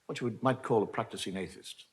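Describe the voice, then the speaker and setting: A middle-aged Irish man telling jokes on stage in a wry, deadpan storytelling manner, acting out the voices in his stories. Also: on the low side, fast. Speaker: stand-up comedian. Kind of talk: storytelling stand-up. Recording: faint noise, archive TV recording.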